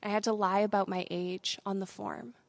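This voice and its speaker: A young adult woman telling her testimony to a church, moving between hushed confession and loud, fast preaching. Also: mid-range voice, little pitch movement, gravelly, no echo. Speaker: speaker giving testimony. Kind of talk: sermon testimony.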